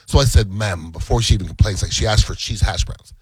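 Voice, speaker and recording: A man's voice: lowish voice, fast talker, slight background noise, rough recording. A man chatting casually as a co-host, blunt and emphatic, acting out the quotes in his stories. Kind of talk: casual chat.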